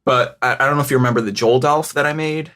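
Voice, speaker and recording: A man's voice: mid-range voice, fast talker, fairly bright tone. Wry man with upstate New York accent. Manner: wry, joking. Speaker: podcast co-host. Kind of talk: casual podcast chat.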